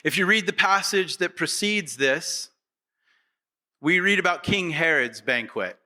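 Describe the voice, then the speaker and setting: A man's voice: on the high side, animated, measured pace, sharp tone. A male pastor preaching a sermon, asking the congregation rhetorical questions and acting out their voices. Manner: acts out quoted voices of the congregation; repetitive, rhetorical questions to the audience.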